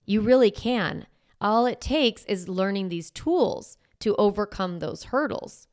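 A woman's voice: medium pitch, expressive, a little slow, a little mellow, no room sound, studio quality. A woman parenting coach talking casually and directly, conversational, acting out parents' voices and swearing now and then. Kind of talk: casual direct-to-camera talk.

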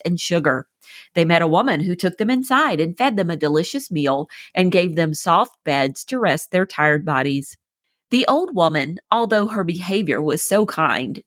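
A woman hosting a children's podcast, reading a fairy tale aloud in a gentle, clear scripted narration. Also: on the low side, dry recording, studio quality. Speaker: podcast host and storyteller.

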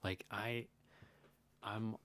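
A man's voice: on the low side, flat delivery, extremely slow, a bit bright, no echo. A man talking casually as a podcast guest, mostly offering short agreeing replies and now and then explaining his own view. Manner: laid-back, brief agreeing replies. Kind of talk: casual conversation.

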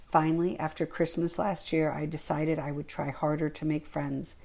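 A woman reading her own memoir aloud in a calm, reflective first-person narration. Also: low-pitched.

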